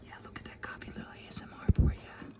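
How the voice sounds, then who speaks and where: A man's voice: fast talker, natural voice. A man whispering as a mock-solemn ASMR coffee guru, in whispered role-play. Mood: mock-serene.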